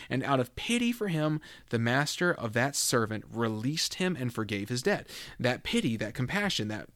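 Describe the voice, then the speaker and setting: A man teaches scripture in a relaxed podcast voice of average pitch. He reads passages aloud and chats between them, pausing and restarting. The recording is dry and close to the mic. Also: no room sound. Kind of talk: casual Bible teaching podcast.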